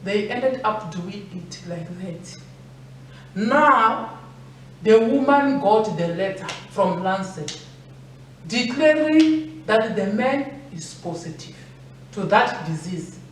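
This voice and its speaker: A woman's voice: medium pitch, animated, slow. Woman preacher, earnest sermon, repeats phrases, distant mic, very echoey hall, faint background noise. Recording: echoey room from far off.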